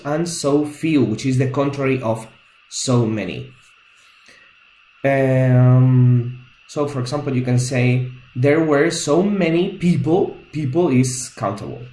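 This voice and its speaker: A man's voice: medium pitch, dark tone, echoey room, poor audio. A man teaching an English grammar lesson, patiently explaining each point step by step.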